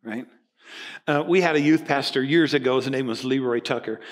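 A man in his sixties preaching a sermon as pastor, telling stories in a lively way and acting out both sides of conversations. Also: mid-range voice, normal speed. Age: 60s. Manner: animated storytelling, acting out dialogue.

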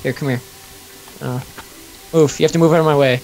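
A man's voice: a little high, steady tone, a little fast, gravelly, darkish tone, soft background music, low-quality recording. A man chatting casually while playing a video game with friends, joking and bossing his teammates around. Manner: playful, bossy, joking. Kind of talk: casual let's play chat.

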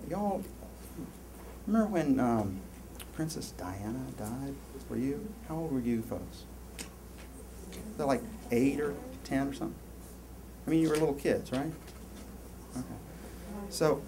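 A man giving a university lecture, rambling and animated, with many restarts and asides to the class. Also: medium pitch, a little slow, long pauses, background noise. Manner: animated, rambling, lots of self-interruptions. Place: lecture hall.

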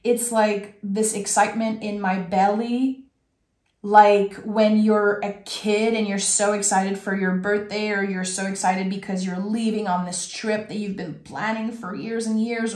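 A woman's voice: medium pitch, flat delivery, a little slow, a little mellow. Emotional woman tarot reader, echoey room. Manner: effusive, talks straight to the viewer. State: emotional, close to tears. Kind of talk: tarot reading to camera.

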